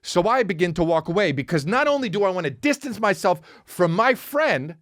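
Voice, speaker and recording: A man hosting a podcast, telling a funny story as a swearing, exasperated rant. His voice sits a little high and swings widely up and down as he vents. The sound is close and dry. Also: brisk, hardly any pauses, no room sound. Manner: exasperated, profane, animated ranting. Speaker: podcast host.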